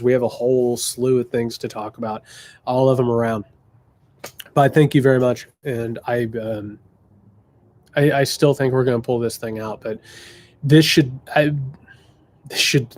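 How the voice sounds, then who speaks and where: A political commentator hosts a viewer Q&A livestream in a medium-pitched, darkish voice. He talks bluntly and passionately in casual commentary, swearing, repeating phrases for emphasis, and putting on mocking voices when he quotes others.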